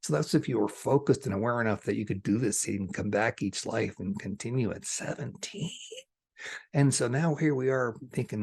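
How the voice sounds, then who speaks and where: A man delivering a channeled spiritual message, soft-spoken and at times hushed. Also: mid-range voice, fairly quick, vocal fry, breathy edge.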